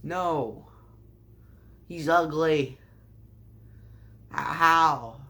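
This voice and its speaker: A man's voice: on the high side, lively intonation, moderate pace, a bit bright. A man casually recapping a show with sarcastic, rambling asides and mock surprise. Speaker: show reviewer.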